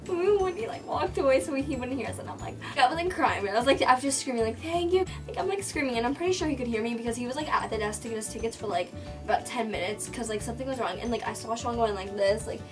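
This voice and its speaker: A young woman tells a story in a vlog, quick and breathless, packing her sentences with "like" and replaying each line of dialogue. Her voice sits a little high. She is a bit far from the mic, and music plays clearly behind her. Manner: rapid and breathless, full of "like", retelling dialogue. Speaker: vlogger.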